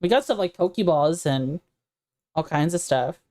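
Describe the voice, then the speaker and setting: A woman's voice: sits low, animated, normal speed, mellow. A woman streamer chatting casually while playing, laughing easily and talking to her chat.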